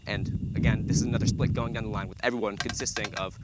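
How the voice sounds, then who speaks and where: A young man speaks in a lowish voice, breaking down snare parts one step at a time with plenty of ums. A loud wash of noise sits behind his voice throughout. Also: fairly even intonation, quick pace. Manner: methodical, step-by-step, with frequent ums. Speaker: center snare drummer. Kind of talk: instructional walkthrough.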